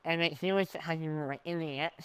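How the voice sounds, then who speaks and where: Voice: mid-range voice, steady tone, brisk, clear, resonant tone, dry recording. A player in a tabletop role-playing game, speaking in character in first person.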